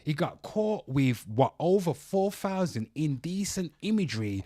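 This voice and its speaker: Recorded in studio quality with no room sound, a man hosting a livestream delivers a heated, profane rant about the news while constantly addressing his viewers. His slightly high voice is mellow and sing-song at a measured pace.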